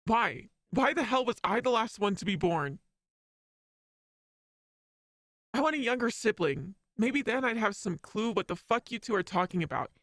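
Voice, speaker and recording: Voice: medium pitch, lively intonation, normal speed, hardly any pauses, a bit bright, no echo, studio quality. A streamer voicing a brash, distrustful young man who swears a lot while reading game dialogue aloud. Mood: bitter. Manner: swearing, scornful.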